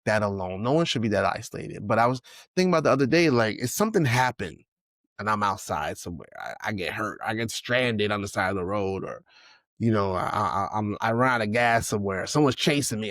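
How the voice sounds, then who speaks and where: Solo podcast host, man in his 40s, low voice, dry close sound, candid and searching. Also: lively intonation, a little fast, no echo. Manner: reflective, thinks out loud with many restarts and "you know what I'm saying"; candid and emotional, swears casually. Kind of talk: unscripted solo podcast monologue.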